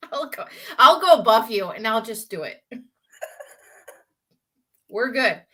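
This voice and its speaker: A woman's voice: fairly high pitch, animated, slow pace, pauses often, pushed and bright. A woman with a Southern US accent, co-hosting a casual live video chat, teasing and laughing often. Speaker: co-host.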